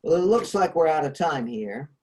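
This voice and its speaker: A man talks through ideas in a relaxed discussion, his pitch rising and falling a lot. He hesitates often as he explains. The sound comes from a video call. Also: normal speed. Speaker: host. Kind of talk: casual discussion.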